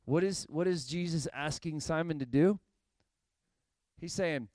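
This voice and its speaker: Male pastor, sermon delivery, animated and emphatic, dry close sound. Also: a little high, measured pace, pauses often, no room sound. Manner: animated preaching, repeats phrases, rising to emphatic.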